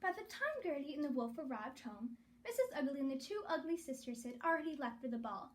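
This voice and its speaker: A woman reads a children's story aloud with lots of expression. Her voice is high and moves up and down freely, keeping young listeners engaged. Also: a little fast, a little hiss or hum. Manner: animated, expressive.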